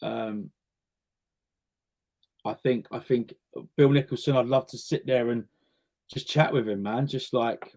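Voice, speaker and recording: A chatty man, answering interview questions in a relaxed, storytelling way. His voice sits at a middling pitch for a man, and he often repeats a word or two while he gathers his thoughts. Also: unhurried, pauses often. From North West London. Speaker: interview guest, singer and actor. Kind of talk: casual interview chat.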